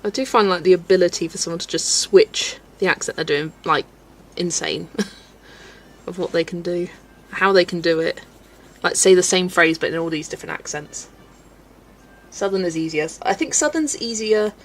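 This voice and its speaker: A woman's voice: on the low side, moderate pace. A woman chatting casually at home while colouring on a livestream, answering chat and often breaking into giggles. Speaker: livestream host.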